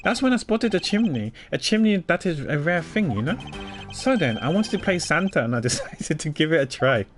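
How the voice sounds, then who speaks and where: A man's voice: fairly high pitch, sing-song, a little fast, faint music behind. A man voicing a goofy, evasive young slacker who rambles sheepishly.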